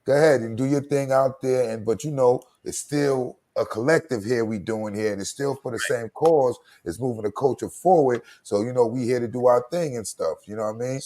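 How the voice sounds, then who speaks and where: A man's voice: medium pitch, fairly quick, few pauses, mellow. A man hosting a casual livestream, hyping his guest with short replies and easygoing talk.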